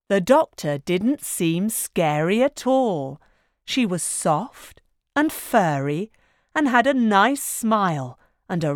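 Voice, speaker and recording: Slow, expressive woman storyteller. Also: mid-range voice, dry recording, clean studio sound. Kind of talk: children's book read-aloud.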